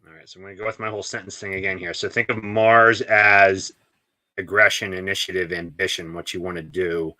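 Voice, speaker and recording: A man's voice: deep voice, flat delivery, brisk, bright, forceful tone, no echo. A man co-hosting an astrology podcast, explaining ideas casually with self-deprecating asides. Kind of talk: casual chat.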